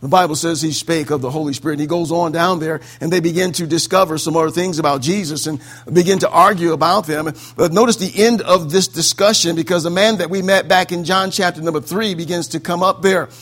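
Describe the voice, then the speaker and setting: A man preaching a sermon, fervent and prone to saying amen, swinging between loud exclamations and quiet asides. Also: a little high, steady tone, a little fast.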